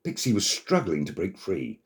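A man narrating a children's story in an expressive, dramatic manner. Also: deep voice, moderate pace.

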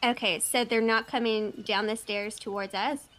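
A woman plays a tabletop game, her voice a little higher than most. She talks hesitantly, restarting her sentences, and laughs often at how the dice fall. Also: fairly even intonation, normal speed, fairly bright tone, low-quality recording. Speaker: player.

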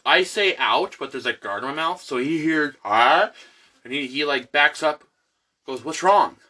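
Brief: man, bright forceful voice, animated storyteller, casual co-host. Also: on the high side, moderate pace. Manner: animated storyteller acting out quotes. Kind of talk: casual chat.

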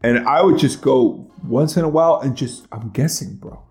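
A man co-hosting a comedy podcast, chatting in a relaxed, teasing way with lots of "like" and trailing phrases. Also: medium pitch, moderate pace, soft background music. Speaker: podcast co-host. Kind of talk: casual comedy chat.

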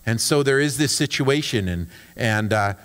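A man's voice: medium pitch, expressive, normal speed, a bit bright. A man preaching a conversational sermon as a pastor, talking casually and often restarting his words. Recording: long hall reverb.

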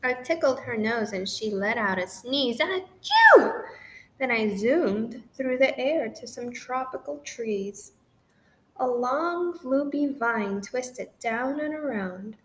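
A woman reading a rhyming children's picture book aloud in an expressive, sing-song way. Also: a little high, takes it slowly. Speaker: storybook reader. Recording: roomy echo with faint noise.

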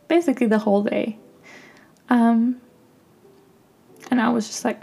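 Flat, gravelly-voiced woman reflecting softly. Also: a little high, measured pace, long pauses. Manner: reflective, soft-spoken, many "like" fillers. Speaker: podcast host. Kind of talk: personal monologue podcast.

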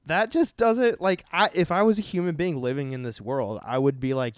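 Smooth-voiced man chatting animatedly. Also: fairly high pitch, moderate pace, hardly any pauses, no room sound. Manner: animated, laughing, frequent "like". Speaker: podcast co-host. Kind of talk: casual chat.

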